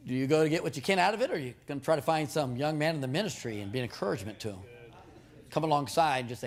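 Man, preacher, sermon, slightly high voice, animated storytelling, repeats words, jokes with the congregation. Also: very fast.

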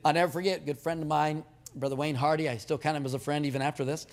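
A male preacher with a fairly high voice delivers a sermon full of anecdotes. His voice climbs sharply as he drives points home, and he repeats words as he warms up. He jokes with the congregation throughout. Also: very fast. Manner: animated storytelling, jokes with the crowd, repeated words.

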